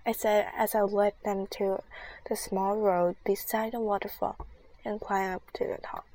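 A woman reading a first-person children's adventure story in a soft, half-whispered voice. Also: mid-range voice, fairly even intonation, unhurried, poor audio. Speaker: story reader.

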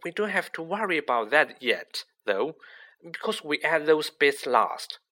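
A man reading a story aloud, putting on the voice of a clever, bossy young schoolgirl who talks shrilly and excitedly. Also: on the high side, a little slow, voice pushed up, full character voice. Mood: brisk. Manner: breathless, excited.

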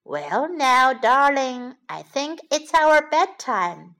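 A weary, tender mother rabbit coaxing her child to sleep, soft and sing-song with a lilting, high voice, as a woman reads her. She takes her time with every word, as in a storybook bedtime. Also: sing-song, takes it slowly. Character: tired, gentle mother rabbit.

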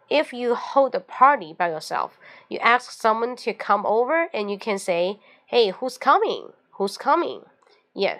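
A woman with a Mandarin Chinese accent hosting an English lesson show, explaining everyday phrases and acting out little example lines. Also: on the high side. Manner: lively teaching with acted example phrases, mixing in Mandarin explanations. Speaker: host.

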